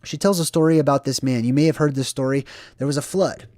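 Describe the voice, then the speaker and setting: A man's voice: mid-range voice, fast talker, a little mellow, no room sound. Dry-voiced man chatting about movies. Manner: conversational, says "right?" often, acts out quotes. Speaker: channel host. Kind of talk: casual movie commentary.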